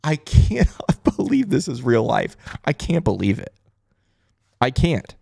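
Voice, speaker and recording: Male podcast host, excitable and stunned, very animated delivery, dry close sound. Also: measured pace, vocal fry, no echo. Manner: stunned, excitable, voice swinging high and low. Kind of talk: postgame fan podcast.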